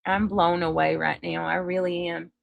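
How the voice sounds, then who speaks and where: A woman hosting a live show, reacting to a video with loud, incredulous exclamations. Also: lowish voice, flat delivery, moderate pace, creaky, dry recording, phone-quality sound.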